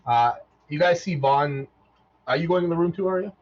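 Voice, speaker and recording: A man narrating as the game master of a tabletop game, relaxed and loose, often repeating words as he goes. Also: fairly high pitch, normal speed. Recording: dull lo-fi mic.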